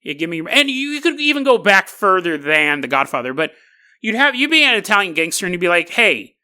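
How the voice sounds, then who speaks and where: A podcast host giving a casual monologue in a joking, animated way, with frequent quick restarts. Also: mid-range voice, clean tone. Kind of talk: casual monologue on conspiracy lore.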